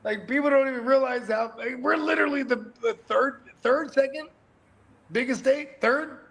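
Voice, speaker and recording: A man's voice: very high voice, normal speed, vocal fry, fairly bright tone. A man from Northern California in his forties, co-hosting a live sports talk show and rambling loosely in casual chat. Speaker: co-host.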